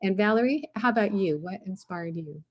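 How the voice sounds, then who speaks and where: A woman's voice: mid-range voice, expressive, brisk, muffled recording. A woman moderating a panel, asking guests questions and affirming their answers. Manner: encouraging, frequent affirmations.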